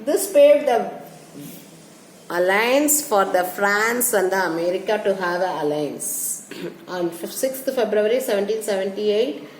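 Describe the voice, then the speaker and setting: A woman teacher giving a history lecture, halting and restarting her phrases and repeating dates as she explains. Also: medium pitch, lively intonation. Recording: echoey room with faint hum.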